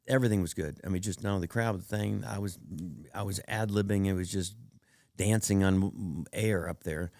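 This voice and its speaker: A man's voice: low-pitched, steady tone, fairly quick, darkish tone, dry recording, studio quality. A male prop comedian chatting as a guest, telling rambling stories with many restarts and acting out the voices of the people in them. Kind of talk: casual storytelling interview.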